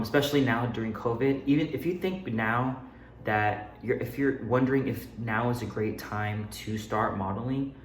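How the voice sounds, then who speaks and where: Young guy rambling advice, kinda out of breath, mid pitch, echoey room. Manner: chatty, loose, lots of fillers and restarts. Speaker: independent model giving advice. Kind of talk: casual vlog advice. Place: walking around a room alone. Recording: echoey room, faint noise.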